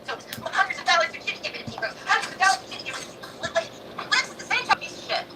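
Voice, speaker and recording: A woman in a heated, profane livestream rant, her voice high and swinging wildly up and down as she races along. She sounds distant, and clear background noise runs under her. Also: sing-song, very fast.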